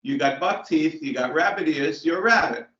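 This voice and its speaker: A man voicing a calm, reassuring blind snake in a joke he tells over a video call. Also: fairly high pitch, moderate pace, distant mic, lightly acted. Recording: roomy, dull video-call audio with guitar.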